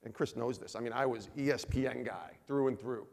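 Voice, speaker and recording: A little fast and creaky, this mid-range voice belongs to a man in his forties from the Northeast US speaking at a men's ministry gathering. He shares his personal testimony animatedly, acting out both sides of conversations, and the recording has a big-room sound.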